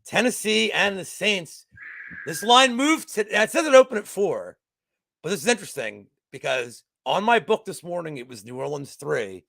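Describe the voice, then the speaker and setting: A man co-hosting a casual sports betting chat, profane and excitable, swinging from loud outbursts to mumbling, just getting over a cold. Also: sits high, moderate pace, creaky, dry recording, studio quality. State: recovering from a cold. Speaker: co-host.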